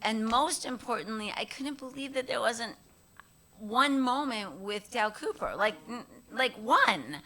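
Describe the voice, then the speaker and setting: Animated middle-aged woman telling stories. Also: fairly high pitch, measured pace. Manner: animated, laughing often, acts out quoted voices. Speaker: guest actress at a Q&A. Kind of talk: casual storytelling on stage.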